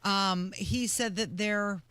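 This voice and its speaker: A co-host on a talk radio show who reads news items and answers with short agreeing replies. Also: male voice, high voice, steady tone, slow, pushed and bright, smooth, no echo. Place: radio studio. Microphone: studio microphone.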